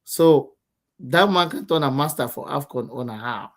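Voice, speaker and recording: A man's voice: on the high side, normal speed, a bit bright. A man with a Nigerian accent making earnest points in a casual football chat, repeating himself as he builds each point. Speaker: co-host.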